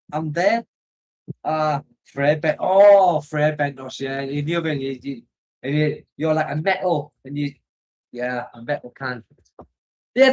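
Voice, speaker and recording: An older man from Britain talks to his livestream viewers in a loose, wandering way and often laughs at his own tangents. His voice sits a little higher than most men's. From United Kingdom. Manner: rambling, nostalgic, laughs often. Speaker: expat vlogger reading live chat. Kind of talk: casual livestream chat. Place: home in the Philippines.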